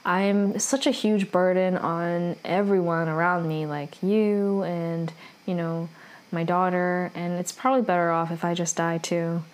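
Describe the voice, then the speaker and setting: A lonely old grandmother apologizing in a soft, low, slow voice, as a woman retells her. Quiet and sorrowful, dropping almost to a murmur. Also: little pitch movement, lightly acted. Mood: apologetic.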